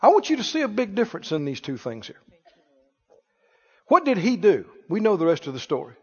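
A man's voice: sits high, huge pitch swings, a little fast, a little mellow, breathy edge. A man preaching a sermon, asking playful rhetorical questions with emphatic delivery. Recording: echoey hall, dull sound.

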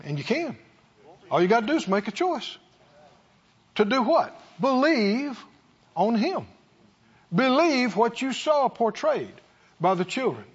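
Slow, high-voiced preacher man. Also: sing-song, breathy edge, muffled recording. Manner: call-and-response preaching, repetitive and emphatic. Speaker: pastor. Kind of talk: sermon. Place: church.

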